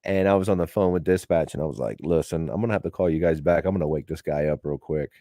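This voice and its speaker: A man's voice: rumbling low, fast talker, mellow, no room sound, studio quality. A man telling stories in casual, rambling, profane talk to a live audience, laughing as he goes. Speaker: podcast host.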